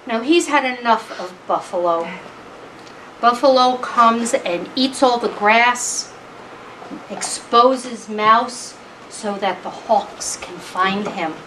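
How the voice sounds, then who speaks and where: A woman telling a traditional animal tale to a live audience, in a slow, deliberate way with long pauses. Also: a little high, fairly bright tone, a little hiss or hum. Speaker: storyteller. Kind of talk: oral storytelling at a live concert. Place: event hall. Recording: distant mic at a live event.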